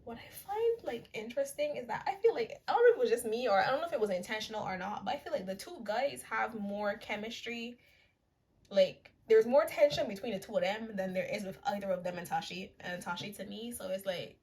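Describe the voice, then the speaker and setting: A woman's voice: on the high side, lively intonation, darkish tone, husky. Chatty young woman recapping a movie. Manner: chatty, retells scenes in quick quoted voices, laughs often.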